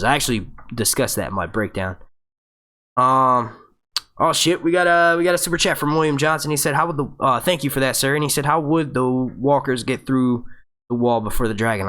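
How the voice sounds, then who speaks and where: A man's voice: mid-range voice, a bit bright. Rambling man hosting a livestream Q&A. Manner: rambling, with many fillers and self-corrections, swears and laughs easily. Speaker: host of a TV show discussion livestream. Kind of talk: casual livestream Q&A chat.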